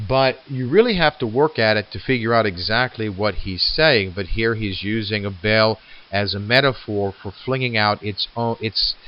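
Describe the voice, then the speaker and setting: Guy lecturing on poems, lowish voice, muffled lo-fi sound, lots of ums. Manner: reflective, slows to read verse aloud, many fillers. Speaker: literature lecturer. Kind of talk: recorded lecture.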